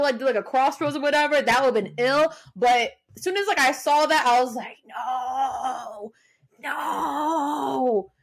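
A young woman co-hosting a casual podcast chat, passionate and animated, swearing freely. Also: high-pitched. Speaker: podcast co-host.

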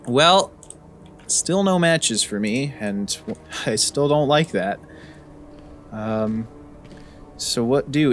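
A man commenting on a horror game as he plays, with joking, sarcastic asides. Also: medium pitch. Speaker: gaming video host. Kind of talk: let's-play commentary.

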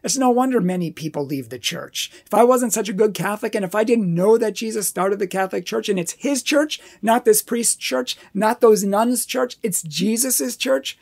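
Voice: medium pitch, moderate pace, creaky, few pauses, a little mellow. A Catholic speaker telling a personal testimony in an earnest, emphatic way, building up repeated phrases.

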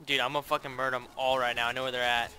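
A man giving profane, excitable live commentary while playing a shooter game. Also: medium pitch, rapid-fire. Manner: profane, excitable trash talk. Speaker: gameplay commentator.

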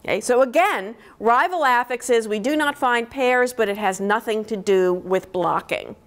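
A woman's voice: on the high side, normal speed. A woman professor giving a university lecture on linguistics, explaining step by step and often checking in with "okay?" between points. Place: lecture hall.

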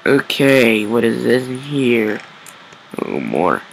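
A man's voice: mid-range voice, sing-song, takes it slowly, gravelly, a little hiss or hum, low-quality recording. A man giving let's play commentary, talking to himself while he plays and breaking into frustrated outbursts. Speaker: gameplay video creator.

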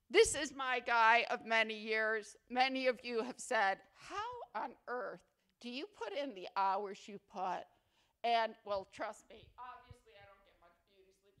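A woman's voice: fairly high pitch, fairly bright tone, clean tone. A woman giving an award acceptance speech at a ceremony, chatty, playfully humorous and sentimental. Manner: affectionate, sentimental. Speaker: faculty award recipient.

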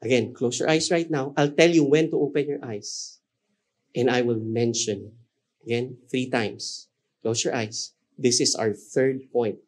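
A man preaching a sermon as pastor, pressing points with emphasis and dropping to slow, soft repetition. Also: mid-range voice, fairly even intonation, husky.

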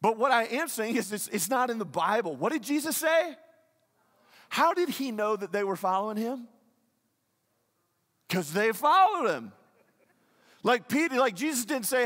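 A man's voice: very high-pitched, very animated, moderate pace, pauses often, fairly bright tone, in a large hall. A male pastor delivering a sermon, emphatic, asking the congregation questions and repeating key lines. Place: church sanctuary.

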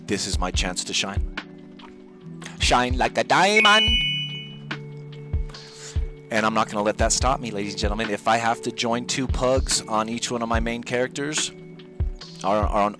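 A man's voice: fairly low pitch, steady tone, normal speed. A young man chatting casually as a gaming streamer, rambling and jokey with laid-back gamer slang. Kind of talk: casual joking chat. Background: background music.

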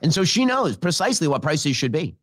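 Rapid-fire sarcastic commentator, man. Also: on the high side, big pitch swings, a bit bright, no echo. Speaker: political commentator. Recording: played clip.

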